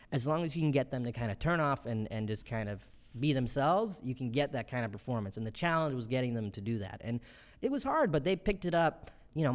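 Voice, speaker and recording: Animated man telling stories in an interview. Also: mid-range voice. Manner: quick, animated storytelling with acted-out quotes and laughter. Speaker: comedian and show creator, guest. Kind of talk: casual interview.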